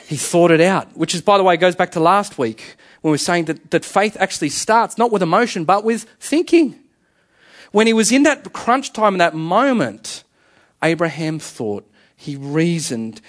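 Male preacher, higher voice, earnest, animated storyteller, restarts a lot. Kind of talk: sermon.

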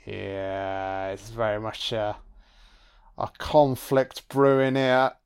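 A man giving an audio-only film commentary, reacting with profane, excitable remarks. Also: lowish voice, slow pace, clean tone.

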